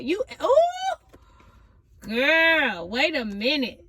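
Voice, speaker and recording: A woman giving a casual tarot reading to her viewers, talking with high energy in a slangy, chatty way. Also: huge pitch swings, takes it slowly, noisy background. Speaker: tarot reader.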